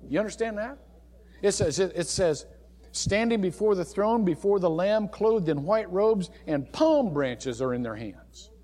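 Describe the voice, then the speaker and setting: A male pastor preaches in a church sanctuary, his high voice swooping up and down as he tells stories and asks the congregation question after question. He is playful and drops little laughs between his points. A long church reverb trails behind every phrase. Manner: lively storytelling with many questions to the congregation. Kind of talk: sermon.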